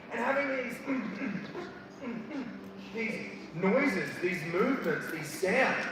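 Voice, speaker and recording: Here a man in his thirties with a very high voice delivers a motivational speech live before students. His storytelling is animated and comic, full of impersonated voices and shouts. The school hall sounds echoey and distant, with noisy ambience filling the room.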